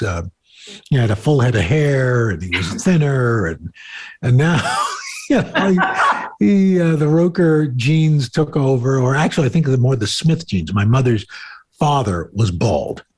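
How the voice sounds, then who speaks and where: A man's voice: mid-range voice, big pitch swings, measured pace, a little mellow, breathy edge. A man co-hosting a casual chat show from home into a desktop microphone, rambling with fillers and restarts. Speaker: co-host. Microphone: desktop USB microphone.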